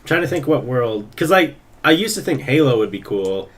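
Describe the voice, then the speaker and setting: A man's voice: mid-range voice, very animated, moderate pace. Laid-back laughing male podcast co-host. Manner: laid-back, laughs often, swears casually. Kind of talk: casual chat. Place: home streaming setup.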